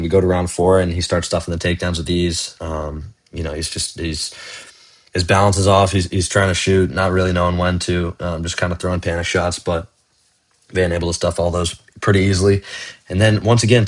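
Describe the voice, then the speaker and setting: A deep-voiced man talks through fight results in a loose, casual vlog. He is excitable and slangy, and he keeps dropping "man" and "bro" as he goes. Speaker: fight commentary YouTuber.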